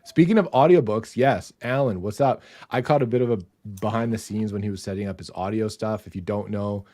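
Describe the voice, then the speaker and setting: A man from Canada hosting a livestream in relaxed, casual chat. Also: on the low side, fairly quick, dry recording. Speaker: livestream host.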